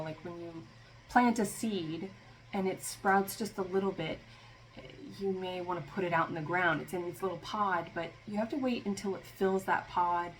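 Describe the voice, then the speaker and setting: A woman's voice: on the low side, a little hiss or hum, rough recording. A woman giving a casual spiritual tarot reading, talking in a loose, rambling way with lots of fillers and a sarcastic streak. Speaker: tarot reader.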